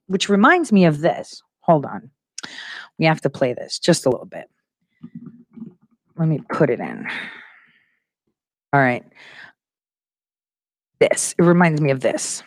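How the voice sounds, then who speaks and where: A woman hosting her own talk show, speaking quickly and animatedly and laughing as she talks. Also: low voice, no echo, rough recording. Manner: fast, animated, laughing while talking. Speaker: show host. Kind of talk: casual talk-show monologue.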